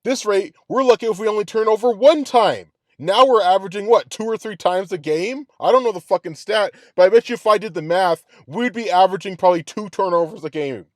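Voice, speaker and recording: A man's voice: high voice, fairly quick, hardly any pauses, no echo, studio quality. A man hosting a sports reaction show, ranting in a heated, profane way and repeating his complaints. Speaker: sports podcast host. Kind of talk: angry sports reaction rant.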